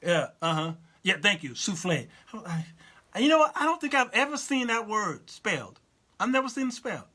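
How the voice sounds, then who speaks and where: A man in his fifties hosting a talk show, talking straight to his viewers in an animated, laughing monologue and answering their chat comments. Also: sits high, normal speed. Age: 50s.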